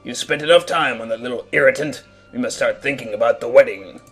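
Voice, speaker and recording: A man voicing a scheming male villain vizier in a fan reading of a game scene, speaking low and quiet. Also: a little fast, slightly rough, soft background music.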